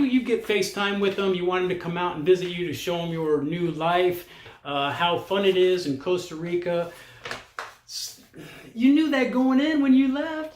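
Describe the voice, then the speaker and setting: An older man speaks in a frank, challenging monologue, calling out his listeners directly. His voice sits a little high for a man. The sound carries a roomy echo. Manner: blunt, challenging, talks straight at the viewer. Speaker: vlogger giving expat advice. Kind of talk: casual monologue to camera. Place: lives in Costa Rica.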